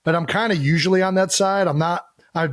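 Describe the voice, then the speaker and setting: A man's voice: sits high, brisk. A man co-hosting a casual sports podcast as a football player, easygoing and opinionated, laughing often.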